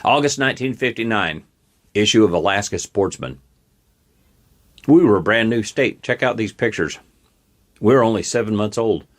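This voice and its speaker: A man hosting his own talk show, speaking in a somewhat low voice. He delivers opinionated commentary in a folksy, plain-spoken way, recorded through a camera mic at his desk. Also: animated, moderate pace, pauses often. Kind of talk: casual political commentary. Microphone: webcam on desk.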